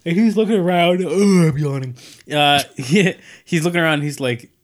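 A man's voice: a little high, moderate pace. A man hosting a podcast, casually recapping a cartoon episode, laughing often and asking the others questions. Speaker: podcast host. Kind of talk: casual chat.

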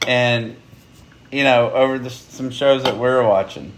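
A man's voice: mid-range voice, unhurried, noisy background. A man hosting a podcast, chatting casually and joking crudely over drinks with friends. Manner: laughing, joking, crude banter. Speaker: podcast host.

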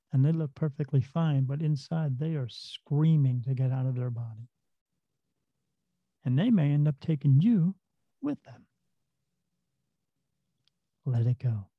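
Gravelly, earnest man telling stories. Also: mid-range voice, measured pace, pauses often, no room sound, phone-quality sound. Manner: earnest, plain-spoken, drops mild swearing. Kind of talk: casual conversational storytelling.

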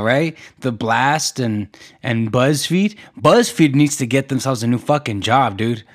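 Rambling, profane young man ranting. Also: mid-range voice. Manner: profane, rambling, with many restarts and fillers. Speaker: podcast host. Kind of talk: solo podcast rant.

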